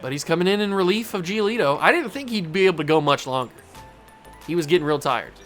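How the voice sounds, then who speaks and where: Excitable man narrating a baseball video game. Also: on the high side, faint music behind. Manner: excitable, pleading with the game out loud, quick swings to yelling. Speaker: gaming channel host. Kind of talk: casual video game play-by-play commentary.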